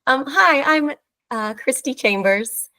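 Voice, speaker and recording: A woman's voice: high-pitched, expressive, slow pace, pushed and bright, rough recording. A middle-aged woman, a former actor, speaking on a video call, gushing and close to tears. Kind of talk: casual video-call chat.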